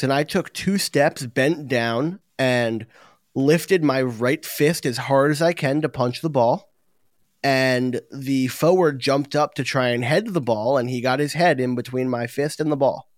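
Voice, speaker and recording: A man's voice: medium pitch, no echo, studio quality. A man hosting a casual sports talk show, telling stories with energy and swearing now and then. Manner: animated storytelling, swears casually. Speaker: podcast host.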